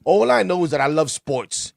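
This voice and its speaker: Podcast host, man with a New York accent; gravelly, lively, swears freely, dry close mic. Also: fairly high pitch, moderate pace, no room sound. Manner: animated storytelling with swearing. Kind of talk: casual podcast chat.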